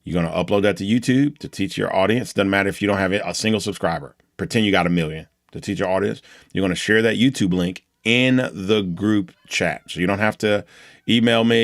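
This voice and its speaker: A man with a very low, gravelly voice teaches a class over a video call. He talks in a loose, encouraging way and often restarts his sentences. The sound is close and dry. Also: moderate pace, dry recording. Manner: loose and motivational, with many restarts. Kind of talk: online class lecture.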